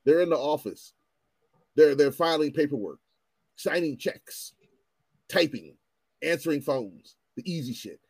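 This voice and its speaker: A man in loose, rambling commentary, his fairly high voice swinging up and down with lively emphasis. He talks in a profane, heated rush, stumbling into repeated restarts. The sound is close and dry, with no room around it. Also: measured pace, long pauses, slightly rough, dry recording. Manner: animated, profane, repetitive restarts. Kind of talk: casual ranting commentary.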